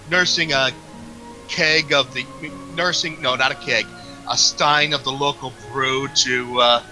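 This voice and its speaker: A man's voice: mid-range voice, sharp tone, rough recording. A man playing in a tabletop game, speaking hesitantly with many fillers and restarts. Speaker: player. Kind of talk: casual tabletop play.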